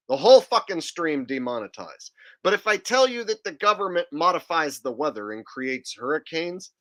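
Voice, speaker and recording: Bright-voiced man ranting on a live stream. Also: a little high, very animated, normal speed. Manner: incredulous, profane, digressive. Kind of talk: casual live-stream commentary.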